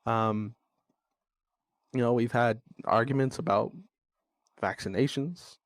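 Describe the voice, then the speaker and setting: A young man hosting a podcast vents bluntly about co-parenting in a candid monologue, swearing freely and growing exasperated. His mid-range voice moves at a slow pace, recorded dry with studio quality.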